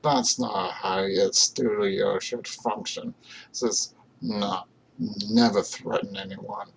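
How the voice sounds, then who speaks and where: Slow, gravelly-voiced Canadian man rambling. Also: on the low side, sing-song, a little hiss or hum, low-quality recording. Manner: meandering, halting, many fillers and restarts. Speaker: solo streamer. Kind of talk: rambling casual vlog chat.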